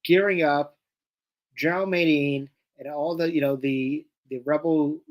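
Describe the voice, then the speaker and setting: Chatty fan co-host, mid-pitched voice. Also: steady tone, unhurried. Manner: chatty, enthusiastic fan banter. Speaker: podcast co-host. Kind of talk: casual watch-along chat.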